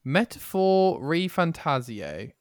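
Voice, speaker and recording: A man's voice: on the high side, very animated, slow, smooth, no echo, studio quality. A man co-hosting a gaming podcast in casual chat, leading the rundown and putting questions to his co-host.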